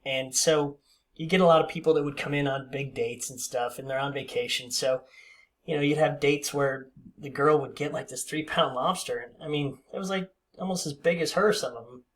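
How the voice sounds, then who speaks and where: A man's voice: on the high side, moderate pace. A man in his fifties telling a casual, rambling story with many fillers and restarts. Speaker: vlogger.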